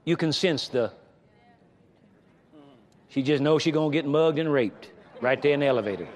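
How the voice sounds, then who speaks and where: A man's voice: on the high side, normal speed, pauses often. A male pastor preaching to his congregation in a conversational style, speaking to them directly. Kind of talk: sermon. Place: church sanctuary.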